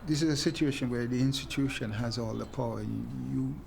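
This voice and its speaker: Gravelly, measured man. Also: medium pitch, darkish tone, a little hiss or hum. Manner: measured, thoughtful, with hesitations. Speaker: interviewee. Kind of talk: reflective documentary interview.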